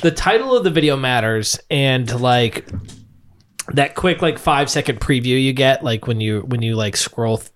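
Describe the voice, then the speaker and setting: A man's voice: mid-range voice, animated, normal speed, a bit bright, a little hiss or hum. A young man in casual chat who talks wryly and hedges with a lot of fillers.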